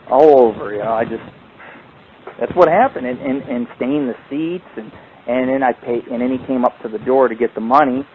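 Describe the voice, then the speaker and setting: A man telling a rambling, profane ghost story at an ordinary pitch. His voice comes through a tinny, phone-like line with a faint hiss underneath. He swears freely and keeps the story moving. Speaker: paranormal radio show host. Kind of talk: casual storytelling chat.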